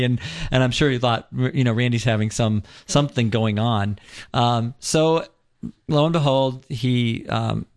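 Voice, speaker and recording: A man's voice: medium pitch, no room sound. Man telling an earnest story, dry sound. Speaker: guest. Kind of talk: storytelling on a radio talk show.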